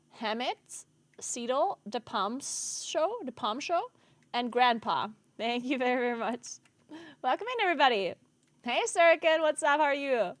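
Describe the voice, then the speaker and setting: A woman streamer in casual live-stream chat, often laughing as she reacts to her viewers. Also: on the high side. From Italy. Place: home streaming setup.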